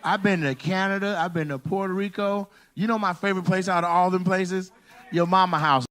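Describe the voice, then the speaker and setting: A male comedian doing crowd work on a club stage, teasing the audience and shouting out punchlines. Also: high voice, steady tone, a little fast, background noise. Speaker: stand-up comedian.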